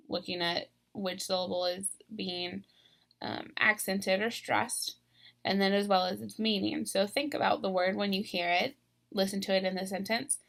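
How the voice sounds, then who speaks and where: A woman teaching a spelling lesson on video, speaking slowly and deliberately and stressing syllables. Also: medium pitch, gravelly, a bit bright.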